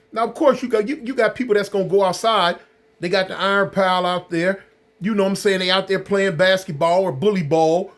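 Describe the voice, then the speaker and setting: A man casually telling his viewers a story in a rambling way. He uses loose slang and repeats his phrases. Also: high-pitched. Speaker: channel host recounting prison life.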